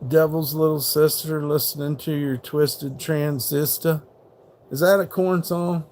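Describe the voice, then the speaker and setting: Slow-talking, profanity-heavy male streamer. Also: on the high side, fairly even intonation, a little mellow, a little hiss or hum. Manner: profane, rambling, mocking. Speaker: livestream host. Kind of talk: casual live-stream rant, reacting to chat.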